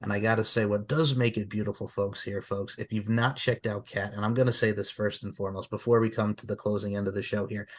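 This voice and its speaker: A man hosting a podcast, talking energetically and at length, with a lively, enthusiastic manner as he addresses his guest and the audience. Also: lowish voice. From New York. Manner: fast, animated, talkative. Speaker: podcast host. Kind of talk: casual interview chat.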